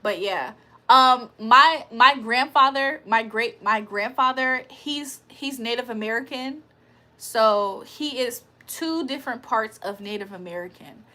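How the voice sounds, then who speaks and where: A woman's voice: fairly high pitch, unhurried, sharp tone. A woman hosting a casual livestream, joking, laughing and swearing as she reads the chat aloud. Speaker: livestream host.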